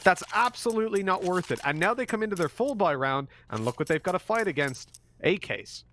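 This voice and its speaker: A man commentating live on an esports match, teasing his co-caster with excitable banter. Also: high-pitched, brisk.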